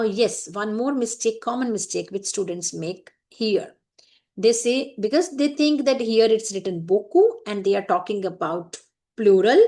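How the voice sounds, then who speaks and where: A woman's voice: mid-range voice, darkish tone. Indian-accented woman teaching French. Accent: Indian English. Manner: patient, repeats points, many "right?" checks. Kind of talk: explaining a French writing lesson.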